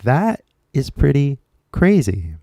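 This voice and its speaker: A man's voice: mid-range voice, huge pitch swings, slow pace, dark tone, dry recording, clean studio sound. A man from California, talking casually as an English teacher, rambling and full of fillers. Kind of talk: casual podcast talk.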